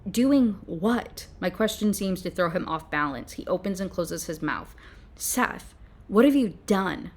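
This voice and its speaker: A young woman reviewing a novel, reading passages aloud and breaking off into exasperated, animated commentary. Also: fairly low pitch, a little slow. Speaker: book reviewer. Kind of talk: ranting book review with read-aloud passages.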